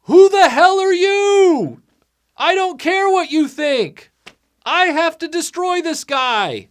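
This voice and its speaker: A shrill, distant yelling hiker. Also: male voice, lively intonation, slow pace, exaggerated voice. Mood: shrill outrage. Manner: shrill, shouting into the wind.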